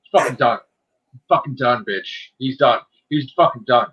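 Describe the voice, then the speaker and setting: A man's voice: mid-range voice, moderate pace, highs cut off. A man hosting a livestream, chatting casually and ranting heatedly with a lot of swearing. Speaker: livestream host. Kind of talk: casual profane chat.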